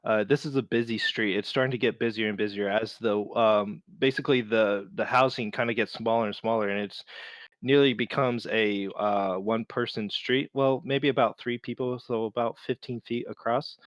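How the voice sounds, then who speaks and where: A man running a tabletop game as game master, narrating with many pauses and restarts. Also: fairly low pitch, steady tone, no echo. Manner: halting, many fillers and restarts.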